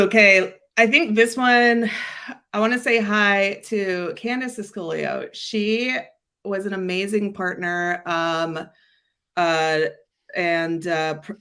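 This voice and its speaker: A woman's voice: fairly low pitch, a bit bright, smooth. A woman guest on an interview chat, talking with rambling enthusiasm and plenty of fillers. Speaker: agency guest.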